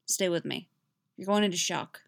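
A woman voicing a gruff, stoic male monster hunter who speaks curtly, in a fan fiction reading. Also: lowish voice, steady tone, moderate pace. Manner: gruff, curt. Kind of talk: fan fiction read aloud.

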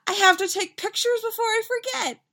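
A woman voicing a doting, excitable mother who sounds ready to cry with joy, high and emotional. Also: fairly quick, exaggerated voice. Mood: excited.

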